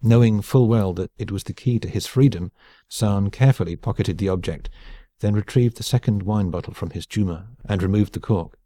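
Deep, dark-voiced male audiobook narrator. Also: brisk, no echo, studio quality. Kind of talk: scripted narration.

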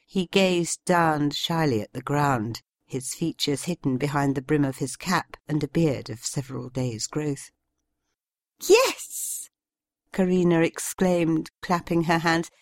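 A woman narrating a story in a measured, expressive storytelling manner. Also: low-pitched, dry recording. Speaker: audiobook narrator. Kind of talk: scripted narration.

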